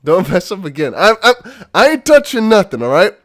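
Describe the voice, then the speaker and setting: Hyped-up guy livestreaming, high voice jumping all over, kinda breathless. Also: brisk. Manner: excitable, shouting and laughing with relief; rambling, self-mocking. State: out of breath, sweating. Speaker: crypto livestream host. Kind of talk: excitable live-stream chat.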